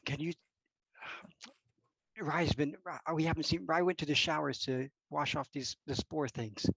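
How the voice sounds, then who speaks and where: A man playing in a tabletop game, talking haltingly with many pauses and ums. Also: fairly high pitch, fairly even intonation, creaky, a bit bright, husky, dry recording. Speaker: player. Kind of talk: tabletop game role-play. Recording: dull, dry lo-fi mic.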